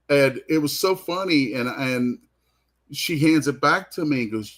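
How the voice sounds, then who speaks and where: A man's voice: mid-range voice, moderate pace, fairly bright tone. A man hosting a comic art show, telling a rambling, heartfelt story in casual chat. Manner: rambling, heartfelt, restarts often. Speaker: comic artist host. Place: convention booth.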